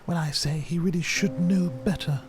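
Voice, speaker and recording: A man's voice: on the high side, normal speed, pitched above the performer's own voice, natural voice. A man voicing a spiteful old townswoman who talks scornfully, over game music. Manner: scornful, gossiping.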